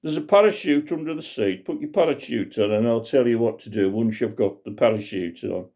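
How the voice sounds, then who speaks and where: A man's voice: medium pitch, animated, brisk, darkish tone, natural voice. A man with a Black Country accent voicing a young flight controller, chirpy and instructing. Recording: dull lo-fi recording.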